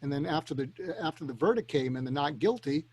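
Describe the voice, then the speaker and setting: A male talk show guest with a slightly high voice explains his ideas earnestly. He often restarts his phrases as he thinks aloud. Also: animated, quick pace, a little mellow, breathy edge. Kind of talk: casual chat.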